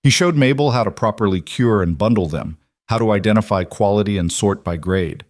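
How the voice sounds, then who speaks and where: A man giving scripted, measured narration of a frontier story. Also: fairly low pitch, dry recording.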